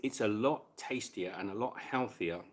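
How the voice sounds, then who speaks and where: A man's voice: lowish voice, normal speed. A man hosting a casual live stream chat while cooking, chatting between bites and answering viewers' questions.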